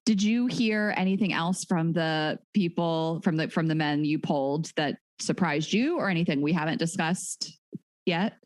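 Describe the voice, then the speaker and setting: A woman co-hosting a podcast, talking frankly and in a rush, filling her talk with "like." Her voice sits on the lower side for a woman. The sound is dry and close. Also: normal speed, dry recording. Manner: candid, talkative, full of "like" fillers. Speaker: podcast co-host. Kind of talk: casual podcast chat.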